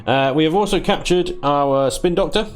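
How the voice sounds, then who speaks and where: A man casually commentating his strategy game play, chatty, self-deprecating and quick to laugh. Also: a little high. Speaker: let's play host.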